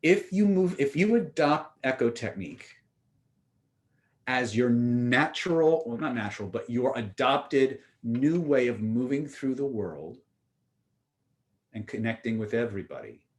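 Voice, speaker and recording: A man's voice: mid-range voice, animated, measured pace. A man teaching communication skills in a seminar, telling stories and speaking emphatically, with direct rhetorical questions. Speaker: influence and communication trainer.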